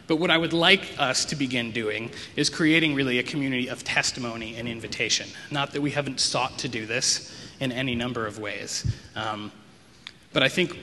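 A man's voice: mid-range voice, bright, forceful tone, a little hiss or hum. A man giving a conversational sermon as a pastor, reflective and loose, with frequent ums and wry asides. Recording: long reverb of a large hall.

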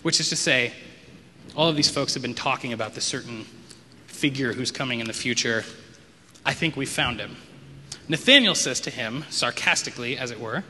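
A man delivers a relaxed, conversational sermon, thinking aloud with plenty of ums and wry side remarks. His voice is bright and sharp. It rings with the long reverb of a large hall, over a faint hum of background noise. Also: mid-range voice, moderate pace. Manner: reflective, loose delivery with frequent ums and wry asides. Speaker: pastor.

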